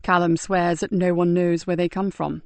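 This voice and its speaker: A woman voicing a calm, thoughtful male detective sergeant in an audiobook, speaking in a measured way. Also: lowish voice, no room sound, lightly acted. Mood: pensive. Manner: measured and pensive. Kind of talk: audiobook character voice.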